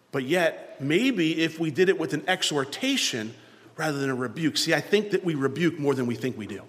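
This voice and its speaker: A man preaching a sermon in a church, swinging between loud, emphatic lines and hushed ones. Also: medium pitch, long reverb tail. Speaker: pastor.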